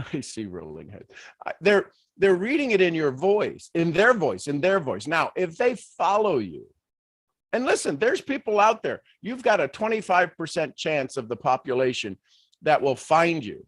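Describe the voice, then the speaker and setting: A man giving a motivational leadership talk on a live stream, animated, full of rhetorical questions and restarts. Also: fairly high pitch, normal speed, husky, dry recording. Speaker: leadership speaker.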